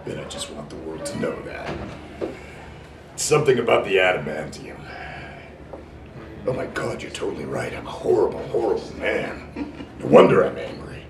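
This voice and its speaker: A man doing gruff old Wolverine, cranky. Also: low voice, expressive, normal speed, pauses often, echoey room, recorded from a distance, background noise. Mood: defensive. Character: gruff, angry old male mutant.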